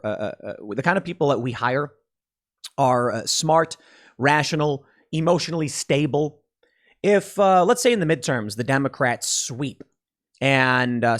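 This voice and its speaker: A man hosting a podcast, giving emphatic, sarcastic commentary. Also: on the high side. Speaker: podcast host. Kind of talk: opinionated commentary.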